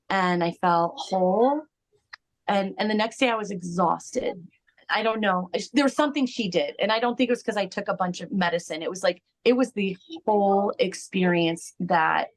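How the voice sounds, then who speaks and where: Earnest woman giving a halting testimonial. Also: fairly low pitch. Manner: earnest, halting, with many restarts. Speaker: ceremony client giving a testimonial. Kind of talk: spoken testimonial.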